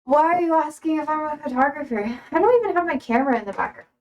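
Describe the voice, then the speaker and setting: A woman's voice: sits high, lively intonation, fast, darkish tone, distant mic, muffled recording. A young woman streaming live, chatting casually with her chat, laughing often and cooing at her dog. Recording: voice from away from the mic.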